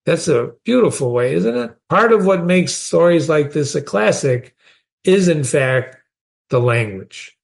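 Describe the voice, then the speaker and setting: A man's voice: a little high, expressive, a little slow, creaky. A man, teaching a short story in a conversational way and often asking the listener questions. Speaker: literature teacher.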